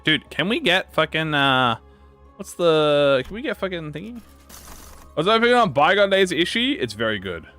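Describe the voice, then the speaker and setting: Australian male streamer, fairly high, lively voice, loose and rambling with casual swearing; chats to viewers. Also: normal speed, faint music behind. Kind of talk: casual livestream chat.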